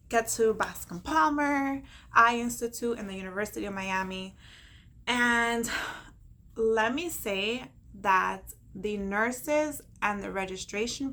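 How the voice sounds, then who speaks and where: Bright-voiced woman telling her story. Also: a little high. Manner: animated, acts out quoted dialogue, laughs often; encouraging, faith-filled pep talk. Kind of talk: personal storytelling to camera.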